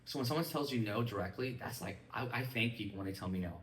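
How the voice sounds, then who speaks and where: A man in his thirties leading a casual training talk for a small group, quick and chatty, often acting out bits of dialogue. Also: fairly low pitch, fairly bright tone, a little hiss or hum. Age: 30s. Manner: fast, casual, acts out quoted dialogue. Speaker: sales team leader. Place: room with a small audience. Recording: echoey room.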